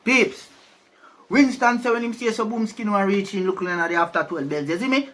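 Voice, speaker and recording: Jamaican male storyteller, high pitched, loose and conversational. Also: fairly quick, fairly bright tone. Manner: chatty, keeps asking "you see me?". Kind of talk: casual storytelling.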